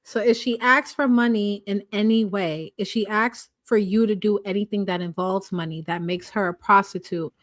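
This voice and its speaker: A woman's voice: mid-range voice, steady tone, normal speed, hardly any pauses, dry recording, studio quality. Woman with emphatic bursts. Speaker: podcast co-host. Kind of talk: casual chat.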